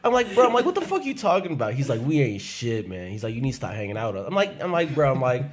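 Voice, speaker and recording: A man's voice: mid-range voice, quick pace, a crowd in the background. A man co-hosting a podcast, telling a story in casual chat, swearing and acting out what people said. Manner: animated, profane storyteller acting out quotes. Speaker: podcast co-host.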